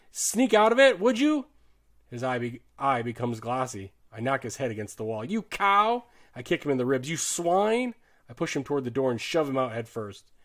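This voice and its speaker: A man giving a dramatic audiobook narration of a war novel, earnest and shifting his loudness sharply with the drama. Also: medium pitch. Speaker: audiobook reader.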